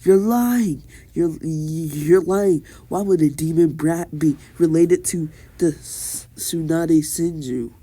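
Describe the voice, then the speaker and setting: A shrill teenage girl ninja shrieks out her accusations, as a man puts her on. Her voice jumps high and loud over a mellow, dark base. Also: steady tone, unhurried, hardly any pauses, husky. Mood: outraged. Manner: screaming, accusing.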